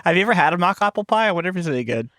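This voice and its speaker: A man playing a tabletop game on a podcast, jokey and quick to laugh. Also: sits high, lively intonation, fairly bright tone, dry recording, clean studio sound, faint music behind. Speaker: podcast player. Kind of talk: casual tabletop game chat.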